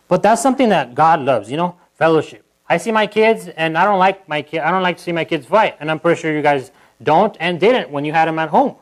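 A pastor speaks to his congregation in a somewhat high voice. He talks casually, restarts his sentences, and acts out the lines he quotes. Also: brisk, poor audio. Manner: conversational, with frequent restarts and asides to the congregation; animated, acting out quotes in a livelier voice. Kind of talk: sermon. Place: church.

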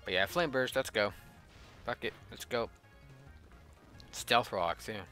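Bright-voiced young man gaming, swearing. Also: medium pitch, slow, faint music behind. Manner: swears freely and laughs a lot. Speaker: let's play gamer. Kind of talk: casual game commentary.

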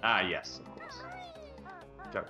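In casual commentary on a let's play he co-hosts, a British man banters and hums or sings nonsense while playing. His fairly low voice is sharp and slow, with wildly swooping pitch. Game music accompanies the dull, lo-fi sound.

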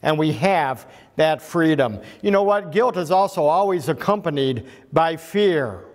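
Man, pastor preaching, high voice, slow deliberate delivery, long church-hall reverb. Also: lively intonation. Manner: earnest preaching, rising emphatic climaxes. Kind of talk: sermon. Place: church sanctuary.

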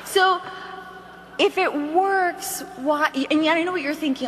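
A woman giving an energetic motivational sales training to a roomful of people, acting out phone calls as she goes. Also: high voice, a little slow, big-room sound, a little hiss or hum. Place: meeting hall.

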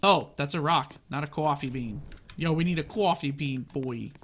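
A man giving casual, excitable commentary as he plays a video game and narrates his own moves. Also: a little high, normal speed, a little hiss or hum. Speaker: gaming channel host.

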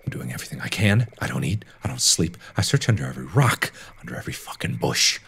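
A man voicing a sleepless, mud-covered doctor in a horror game, talking in a hushed, low mutter. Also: sing-song, fast, vocal fry, breathy edge, heavily acted. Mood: weary, paranoid.

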